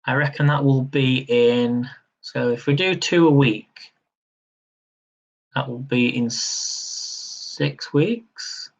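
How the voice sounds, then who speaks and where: A man's voice: medium pitch, slow pace, creaky, long pauses, muffled recording. A man hosting a live-stream quiz, chatty and upbeat, laughing easily as he reads questions and counts down. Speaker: quiz host.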